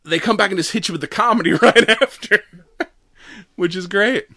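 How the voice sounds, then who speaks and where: Animated man recapping a movie. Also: sits high, moderate pace, no room sound, studio quality. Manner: animated storytelling, acts out quotes, laughs often. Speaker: podcast co-host. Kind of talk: casual movie recap chat.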